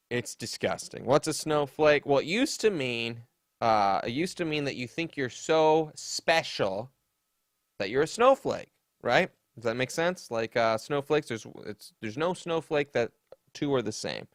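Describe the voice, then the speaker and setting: The recording is dry with clean studio sound, and the man's medium-pitched voice is fairly bright. He's a comedy podcast host casually making fun of online drama, sarcastic and mocking, using sassy put-on voices to read quotes.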